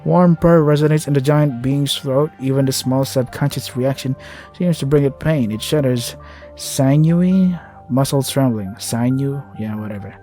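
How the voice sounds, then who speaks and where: Mellow-voiced man, sarcastic game commentary. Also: mid-range voice, moderate pace, faint music behind. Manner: sarcastic, swears and laughs. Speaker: gamer playing a visual novel.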